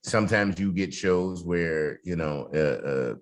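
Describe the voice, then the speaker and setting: A man hosting an interview, talking in an animated, hyped way with lots of fillers over a video call. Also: deep voice, measured pace. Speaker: podcast host. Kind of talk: casual interview talk.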